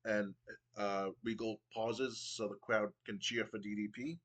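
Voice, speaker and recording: A man's voice: lowish voice, level tone, a little slow, fairly bright tone, poor audio. A man casually narrating his wrestling game playthrough, rambling with frequent ums and restarts. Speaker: game streamer.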